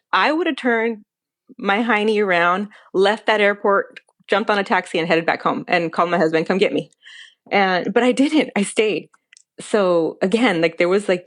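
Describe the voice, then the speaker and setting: A young adult woman telling a personal story as a podcast guest, animated and acting out quoted dialogue. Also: medium pitch.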